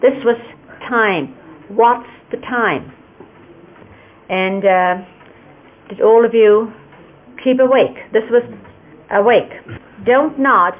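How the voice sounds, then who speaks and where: Older woman on a tinny archive tape. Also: on the high side. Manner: gentle, unhurried, demonstrating gestures as she explains. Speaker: speaker recalling a spiritual teacher. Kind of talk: reminiscing explanation. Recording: lo-fi phone-like archive recording with faint hiss.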